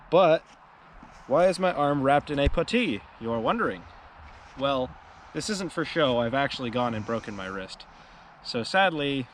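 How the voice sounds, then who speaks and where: Male guest, mid-pitched, easygoing and self-mocking, outdoor setting. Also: slight background noise. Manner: relaxed, rambling, self-deprecating. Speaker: fellow reenactor, guest. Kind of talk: casual chat to camera. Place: outdoors in a dug trench.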